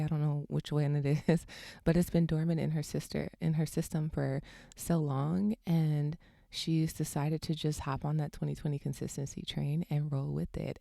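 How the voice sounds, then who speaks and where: A woman's voice: low voice, gravelly, warm tone, no echo, studio quality. A young woman hosting a podcast, casually telling a story and often laughing as she talks. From California. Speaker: podcast host.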